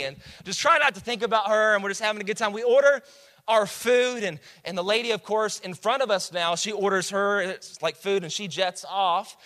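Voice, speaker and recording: A man in his thirties preaching a sermon, telling stories in a lively way with quick restarts and building to emphatic shouts. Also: high-pitched, big-room sound. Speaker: pastor.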